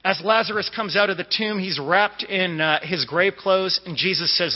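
Male lay preacher from the Boston area, higher voice, conversational sermon, dull recording with a long church echo. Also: normal speed. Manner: conversational preaching with fillers and asides. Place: church sanctuary.

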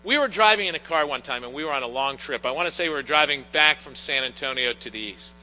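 A middle-aged pastor delivers an earnest, story-driven sermon in a bright, ringing voice pitched a little high. His words echo through a church with long reverb, and a faint mains hum sits underneath. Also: expressive, fast. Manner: earnest, storytelling with personal anecdotes. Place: church sanctuary.

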